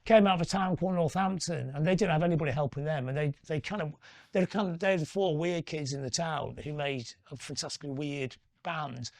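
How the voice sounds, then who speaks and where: A man's voice: a little high, fairly quick, gravelly, no room sound, studio quality. A middle-aged man, telling rambling anecdotes as a guest in a live interview and tagging his points with questions. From northwest England. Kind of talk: live on-stage interview chat.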